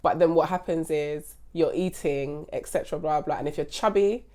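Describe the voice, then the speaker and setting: Brief: woman, podcast co-host, low voice, animated casual chat. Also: normal speed. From Jamaican family in the UK. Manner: animated, acts out quoted voices.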